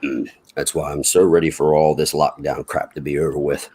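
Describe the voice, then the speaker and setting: A man's voice: a bass voice, little pitch movement, fairly quick, mellow, husky. A middle-aged man, chatting casually in a rambling, folksy way and chuckling between remarks. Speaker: chat participant. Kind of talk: casual chat.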